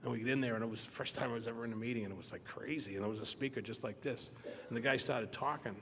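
An older man telling his personal story to a recovery meeting, animated and repeating phrases for emphasis. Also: medium pitch, rapid-fire, slight background noise. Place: meeting hall. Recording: roomy hall reverb, faint background ambience.

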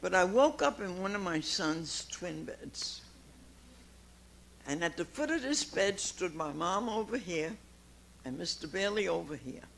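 A woman, giving an emphatic personal testimony to a recovery meeting, dropping quiet and then rising to loud exclamations. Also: fairly low pitch, vocal fry, slight background noise. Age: 90s.

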